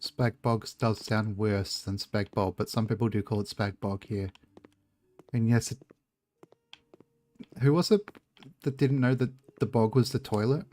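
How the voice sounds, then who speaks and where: A man's voice: on the low side, a little slow, long pauses, darkish tone, soft background music. A man chatting casually and joking as he streams a video game, swearing freely. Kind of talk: casual chat while gaming.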